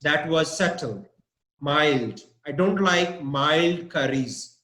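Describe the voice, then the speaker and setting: Slow, patient man teaching vocabulary. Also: a little high, sharp tone, reverberant. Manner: slow, patient, spells words out letter by letter. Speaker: English teacher. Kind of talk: online vocabulary lesson.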